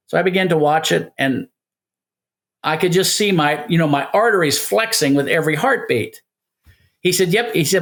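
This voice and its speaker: An older man in his seventies tells his story to an interviewer. His voice sits a little high, and he is animated, playing out both sides of the conversations he recounts. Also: normal speed. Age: 70s. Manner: animated storyteller, acts out quoted dialogue. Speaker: guest. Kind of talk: casual storytelling.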